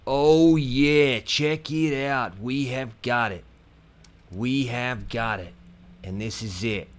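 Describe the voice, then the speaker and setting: A man giving excited gameplay commentary, cheering and whooping at his wins. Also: medium pitch, takes it slowly, slight background noise. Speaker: gaming commentator.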